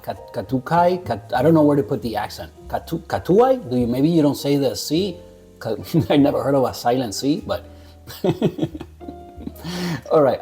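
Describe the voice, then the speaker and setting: A relaxed man chats to his viewers about a coffee he is tasting. His voice is mellow and rather dark, and he laughs easily and trips over names he does not know. Faint music plays underneath. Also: on the high side. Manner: laid-back, chuckling, stumbles over names. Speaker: coffee reviewer. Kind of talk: casual talk to camera.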